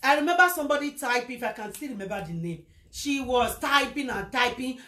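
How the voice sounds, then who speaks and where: A woman with a Nigerian accent telling a personal story in a casual livestream, animated and slipping into Pidgin. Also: high voice, fairly quick, hardly any pauses. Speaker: social media presenter. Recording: echoey room.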